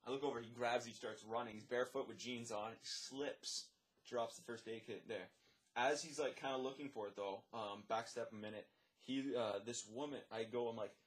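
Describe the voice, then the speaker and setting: A man who works as a lifeguard and swim instructor, telling a story in casual chat, animated, swearing, and acting out the dialogue. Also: mid-range voice, moderate pace. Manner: animated, swears, many fillers; acts out dialogue, drops to a whisper.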